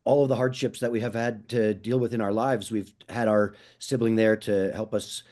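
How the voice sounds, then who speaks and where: A man on a video call, speaking as a panelist about his own experience, in a halting way with many restarts and a joking edge. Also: on the low side, fairly even intonation, darkish tone. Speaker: panelist, podcaster. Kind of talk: personal reflection.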